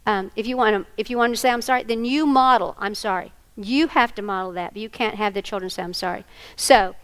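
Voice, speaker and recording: A woman's voice: medium pitch, fast talker, clean tone, poor audio. A woman giving a training workshop, animatedly acting out scenes with volunteers. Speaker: workshop presenter. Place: conference room before an audience.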